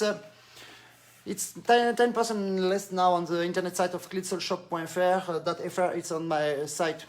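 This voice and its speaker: A man with a French accent giving an animated live-stream accordion lesson, demonstrating as he talks and slipping into French. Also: high voice. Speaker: accordion teacher.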